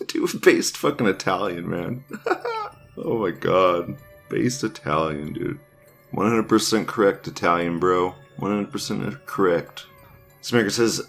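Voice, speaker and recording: A low-voiced man hosts a casual online news show, reading posts aloud and reacting with a lively, swinging pitch. He laughs often, swears freely and turns sarcastic, with faint music behind. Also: a little slow, vocal fry. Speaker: news commentary host.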